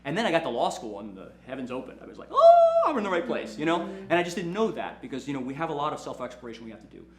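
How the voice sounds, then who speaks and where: A man, a lawyer, giving a casual motivational talk and telling animated stories, often checking in with "right?". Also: medium pitch, very fast, few pauses, roomy sound. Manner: animated storytelling, repeats "right?", acts out quotes. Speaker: lawyer and firm owner hosting a talk.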